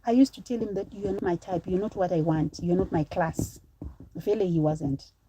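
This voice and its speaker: A woman's voice: on the low side, fairly even intonation, normal speed, noisy background. A woman from Zimbabwe in her thirties, chatting on a live stream, telling a personal story to viewers and breaking off to thank supporters.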